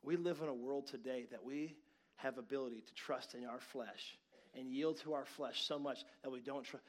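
Man in his forties, pastor giving a sermon, animated storyteller, sudden loud bursts and hushed asides. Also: medium pitch, moderate pace. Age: 40s.

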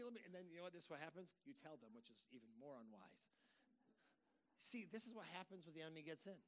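Emphatic conversational pastor, a man. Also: on the high side. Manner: conversational, emphatic, with folksy asides and quoted inner dialogue. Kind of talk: sermon.

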